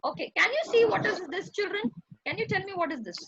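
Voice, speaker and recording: A woman's voice: very high voice, lively intonation, quick pace, fairly bright tone, dry recording, lo-fi sound. A woman with an Indian English accent teaching an online class, coaxing and drilling words by repeating them. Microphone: video call.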